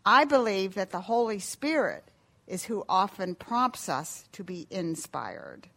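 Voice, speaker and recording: A woman voicing a gentle, hard-of-hearing old grandmother in a children's story, speaking softly and slowly. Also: mid-range voice, very animated, gravelly, exaggerated voice. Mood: earnest.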